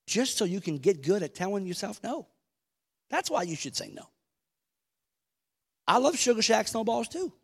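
A man's voice: high voice, lively intonation, normal speed, creaky, pauses often, husky, big-room sound. A man in his thirties, a pastor, preaching a conversational sermon, quoting scripture and asking the congregation questions. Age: 30s. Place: church sanctuary.

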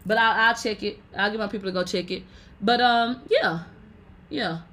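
A woman hosting a casual livestream, reading viewer comments aloud in a brash, profane way and laughing loudly often. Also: medium pitch, moderate pace. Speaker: livestream host.

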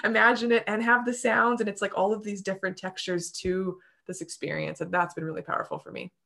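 A woman co-hosting a casual chat about breathwork, telling stories in a gushing, animated way. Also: mid-range voice, fast talker, creaky.

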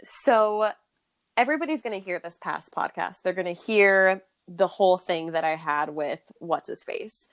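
Young woman telling a lively story. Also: normal speed. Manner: animated, acts out quotes with big pitch jumps and laughs. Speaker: podcast host. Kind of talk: casual storytelling chat.

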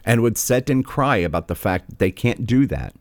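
A man's voice: lowish voice, lively intonation, moderate pace. A man hosting a political commentary show, ranting in a sarcastic, scornful way with many fillers.

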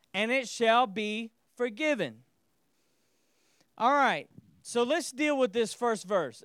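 Man, pastor, high clear voice, call-and-response sermon, dry sound. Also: fairly bright tone, no room sound. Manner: call-and-response preaching, repeats key lines.

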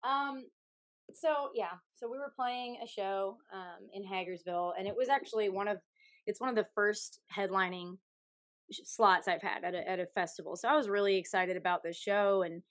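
A young woman, a singer from Canada, telling a story candidly as a podcast guest, with a frank, animated manner, swearing freely and laughing often. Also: medium pitch, normal speed, dry recording.

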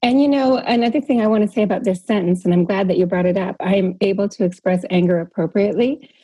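A woman leads a group call in a casual coaching manner. Her voice is breathy and warm-toned, and the sound is dry and close. She keeps things encouraging, tagging her points with a questioning "right?". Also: medium pitch, fast, dry recording. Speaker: workshop leader on a group call. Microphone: call audio.

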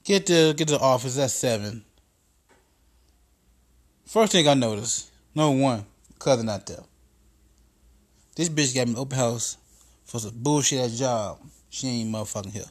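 A man's voice: medium pitch, expressive, normal speed, pauses often. A man hosting a podcast, telling a profane comedic story in a casual monologue that builds into exasperated rants. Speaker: podcast host.

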